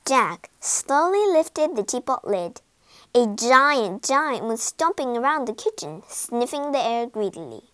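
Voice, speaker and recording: A woman reads a children's story aloud in a high, animated voice. She takes her time, giving each line a dramatic lift. The recording is dry and close. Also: unhurried, no echo. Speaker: narrator. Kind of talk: storybook narration.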